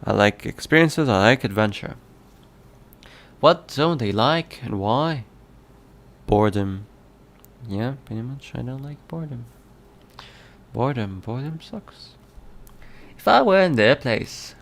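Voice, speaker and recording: A man's voice: mid-range voice, lively intonation, measured pace, creaky, pauses often. A man chatting casually on a live stream as a game developer, playfully reading chat aloud and answering with frequent laughs.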